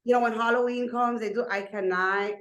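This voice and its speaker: A woman's voice: a little high, fairly even intonation, fairly quick, lo-fi sound, a crowd in the background. A woman from South Florida, a paranormal investigator guest, chatting casually and very expressively, laughing and swearing. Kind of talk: casual podcast chat.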